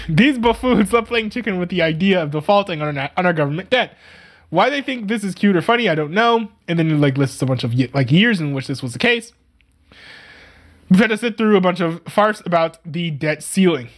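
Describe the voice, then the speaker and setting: Streamer roasting an article, keeps laughing, mid pitch, casual chat. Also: lively intonation, a little fast. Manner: mocking, laughs often while talking; reads text aloud and scoffs at it. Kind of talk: casual reaction commentary.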